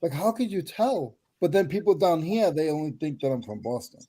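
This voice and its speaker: A man's voice: fairly high pitch, expressive, a little fast, noisy background. A man with a Rhode Island accent, chatting casually on a panel of resellers. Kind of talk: casual group chat.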